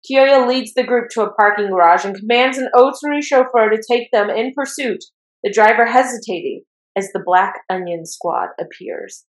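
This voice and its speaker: A woman hosting a casual chat, recapping an anime episode as an excitable fan who gets worked up and laughs as she retells it. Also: fairly high pitch, moderate pace, echoey room, low-quality recording. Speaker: podcast host recapping an anime.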